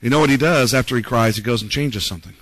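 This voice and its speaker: A man's voice: medium pitch, fast talker, fairly bright tone, dry recording, rough recording. A man preaching a conversational sermon, reading scripture aloud and asking the congregation rhetorical questions. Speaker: pastor.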